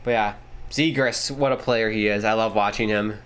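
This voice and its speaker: A man hosting a casual live watchalong, calling the play-by-play excitedly and swearing casually. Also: normal speed, clear, resonant tone. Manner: excitable, jumps pitch on big plays, swears casually. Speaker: watchalong host.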